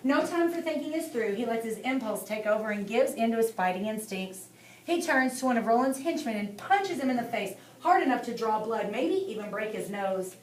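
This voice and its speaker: Brief: female audiobook narrator, steady dramatic reading, echoey room. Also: on the high side, normal speed. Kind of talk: scripted narration. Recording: echoey room, distant mic, faint hiss.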